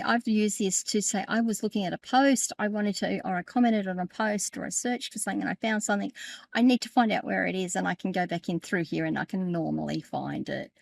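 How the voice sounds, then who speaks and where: A middle-aged woman, a tech educator and podcast host, gives a chatty screen-share tutorial on settings, often laughing and correcting herself. Her medium-pitched voice is steady, brisk, creaky and darkish, with no echo.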